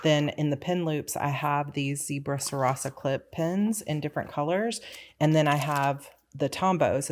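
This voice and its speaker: A woman author chatting casually as she shows her planner supplies, relaxed and rambling with small asides. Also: extremely low pitch, slight background noise. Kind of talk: casual chatty show-and-tell.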